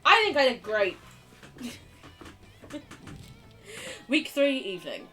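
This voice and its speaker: Lively, jokey young woman streamer. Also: sits high, very slow, distant mic, soft background music. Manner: jokey, swears freely, reacts out loud. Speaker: game streamer. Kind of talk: casual let's-play commentary.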